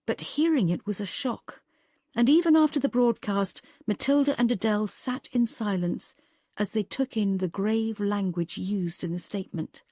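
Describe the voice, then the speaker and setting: A woman narrating an audiobook in a calm, even storytelling manner. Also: medium pitch, normal speed, no room sound, clean studio sound. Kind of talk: scripted narration.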